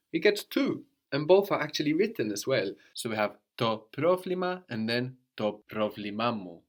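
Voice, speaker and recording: A man teaching a language lesson, patiently explaining and prompting his student. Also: lowish voice.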